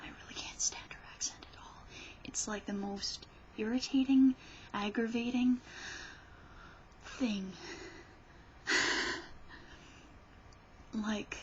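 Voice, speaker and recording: A woman's voice: mid-range voice, dull audio, a little hiss or hum. A woman vlogger ranting about politics in a rambling, sarcastic way, often restarting her sentences. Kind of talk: casual political rant.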